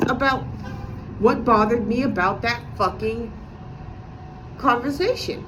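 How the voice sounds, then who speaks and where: A profane, sarcastic woman vents in a casual vlog monologue, her voice sitting a little high and swinging widely as she rants. There is faint noise behind her. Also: fairly bright tone. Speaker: vlogger.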